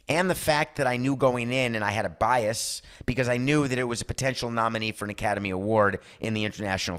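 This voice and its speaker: A man hosting a sports talk podcast, giving opinionated monologues and acting out quoted voices. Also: medium pitch. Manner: animated, acts out quoted voices. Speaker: podcast host.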